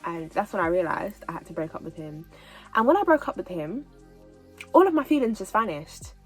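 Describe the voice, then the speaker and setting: A woman in her twenties telling a personal story in a casual storytime vlog, animated and repeating herself as she goes. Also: on the low side, brisk, breathy edge, faint music behind, low-quality recording. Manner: chatty, animated retelling with repeats. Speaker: vlogger.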